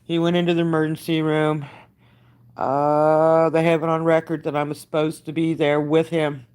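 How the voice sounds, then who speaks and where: An older woman giving a halting, emotionally worn-out live update, greeting her viewers by name and using many fillers. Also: low-pitched, flat delivery, darkish tone, clear, resonant tone. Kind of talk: live-stream chat update.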